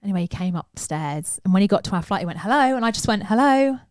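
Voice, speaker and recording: A woman's voice: lowish voice, very fast, dry recording. An English woman co-hosting a podcast, telling a story in a casual chat and acting out what people said. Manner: animated storytelling, acts out quotes. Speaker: podcast co-host.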